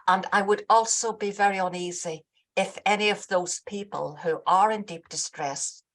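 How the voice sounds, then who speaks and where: A British woman in the audience at a meeting, asking a long question with hesitant pauses and insisting on finishing. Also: mid-range voice, steady tone, a bit bright. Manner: hesitant, many fillers, holds the floor.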